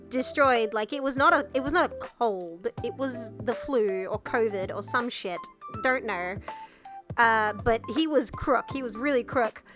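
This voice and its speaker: A young Australian woman with a high-pitched voice chats through a headset mic. She is sick with the flu and coughs now and then. She laughs often and swears freely. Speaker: streamer. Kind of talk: casual storytelling chat.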